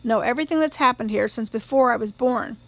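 A woman's voice: a little high, fast, a bit bright. A woman voicing a blunt, stubborn male small-town sheriff in his forties who talks in a plain-spoken drawl. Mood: earnest.

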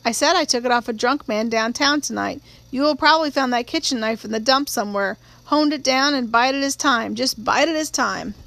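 A woman's voice: a little high, normal speed, vocal fry, hardly any pauses, fairly bright tone, no room sound. A woman voicing a blunt, stubborn male small-town sheriff in his forties who talks in a plain-spoken drawl. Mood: earnest.

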